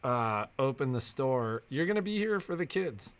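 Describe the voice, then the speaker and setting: A man's voice: mid-range voice, very animated, normal speed. A man co-hosting a store livestream, chatting casually and laughing as he retells family stories. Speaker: store co-owner and livestream host.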